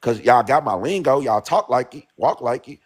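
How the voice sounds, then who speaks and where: A man's voice: medium pitch, lively intonation, normal speed, breathy edge. A man from St. Louis with a Black American St. Louis accent, arguing insistently and repeating himself in a heated casual debate. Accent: St. Louis African American English. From St. Louis, USA. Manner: insistent, repetitive, peppers lines with "bro".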